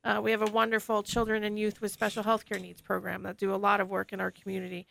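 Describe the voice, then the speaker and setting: A woman's voice: medium pitch, fast talker, vocal fry, low-quality recording. A woman, a deputy director of public health, talking casually as a guest on a radio show. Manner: relaxed, conversational, lots of fillers. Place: radio studio. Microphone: studio microphone.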